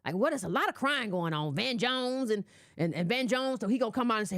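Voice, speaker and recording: Sassy scolding woman, high and lively. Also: brisk, dry recording, studio quality. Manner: sassy, scolding, rhetorical questions. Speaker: political commentator. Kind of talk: casual political monologue.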